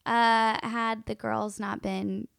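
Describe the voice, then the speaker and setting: A woman co-hosting a casual home podcast with her partner, pregnant, relaxed and giggly, agreeing easily and telling stories about high school. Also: slow, creaky, clear, resonant tone, no echo, clean studio sound. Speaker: podcast co-host. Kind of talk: casual chat.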